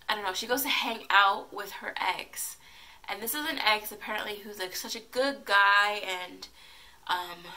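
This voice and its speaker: A woman's voice: mid-range voice, bright, forceful tone. A young woman with a congested, stuffy voice, giving a casual, opinionated TV recap on her channel, full of "like" and "um". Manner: opinionated, lots of "like" and "um" fillers. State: congested from a cold. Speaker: YouTube recap vlogger.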